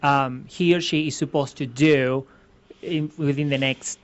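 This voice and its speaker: A man's voice: mid-range voice, steady tone, unhurried. A man from Venezuela, a ballroom dance instructor answering interview questions earnestly, explaining step by step with many restarts. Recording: slightly muffled lo-fi sound.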